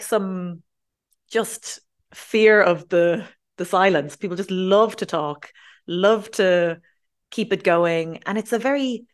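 Irish woman explaining, lowish voice. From Ireland. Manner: lively, explanatory, mixes in Irish phrases. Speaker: Irish language teacher. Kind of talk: explaining in an interview.

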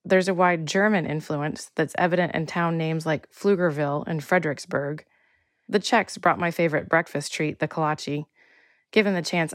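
A woman's voice: deep voice, no room sound, clean studio sound. A woman from Texas with a slight Texan accent, narrating a radio feature in a personal, reflective way. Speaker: reporter and narrator. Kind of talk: scripted narration.

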